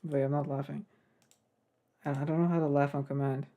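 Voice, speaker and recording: A man's voice: a little high, flat delivery, fairly quick, highs cut off. A young man casually narrating his game development work, rambling and getting sidetracked. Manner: rambling, self-deprecating, gets sidetracked. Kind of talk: casual devlog commentary.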